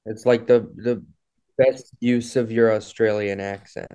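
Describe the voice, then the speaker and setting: A man's voice: fairly low pitch, steady tone, unhurried, mellow, no room sound, dull audio. A man co-hosting a podcast in casual chat, laid-back and wryly understated. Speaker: podcast co-host.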